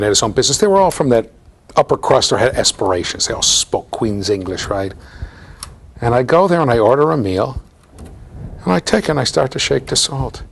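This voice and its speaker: A man's voice: mid-range voice, creaky, breathy edge. A middle-aged American man giving a university lecture, telling stories with asides to his students. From United States. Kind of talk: storytelling classroom lecture.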